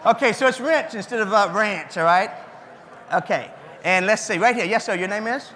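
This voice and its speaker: A man's voice: high-pitched, normal speed, bright, forceful tone, slight background noise. A man with a Cajun accent giving an interactive keynote speech in a folksy, chatty way, repeating the audience's answers back to them. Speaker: keynote speaker. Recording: hall reverb.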